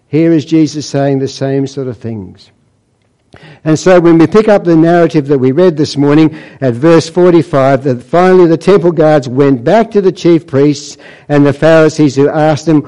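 A man's voice: fairly high pitch, moderate pace, dark tone, rough recording. A man preaching a sermon in a church, telling Bible stories and quoting scripture with dramatic emphasis.

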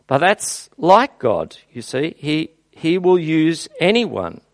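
A man delivers a conversational sermon, telling the story with animated energy and tossing in rhetorical questions. His pitch moves around a lot. The recording is dry and close. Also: takes it slowly, hardly any pauses, dry recording. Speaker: preacher. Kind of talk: expository sermon.

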